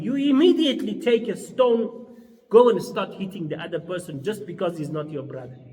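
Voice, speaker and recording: A man giving a philosophy lecture, emphatic and repeating his key words as he acts out short quoted exchanges. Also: high-pitched. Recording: far from the mic in a reverberant hall.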